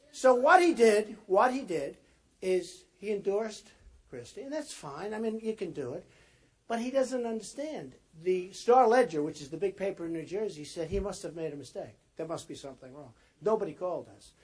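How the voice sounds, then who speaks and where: A man's voice: high-pitched, husky. A man giving an off-the-cuff campaign rally speech, rambling and repeating himself as he talks straight to the crowd. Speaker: political candidate addressing a rally.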